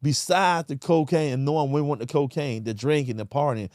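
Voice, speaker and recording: A man's voice: on the high side, fairly quick, a little mellow, no room sound, studio quality. A man from Alabama with a Southern US accent, a podcast guest telling his story in an earnest, emphatic way and often saying "man". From American South (Alabama). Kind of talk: candid conversational storytelling.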